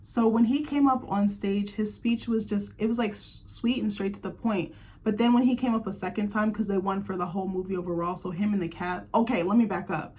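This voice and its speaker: A woman's voice: medium pitch, fairly even intonation, fairly quick, darkish tone, slightly rough. A young woman hosting a casual chat show, gushing and chatty, filling her talk with "like". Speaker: host.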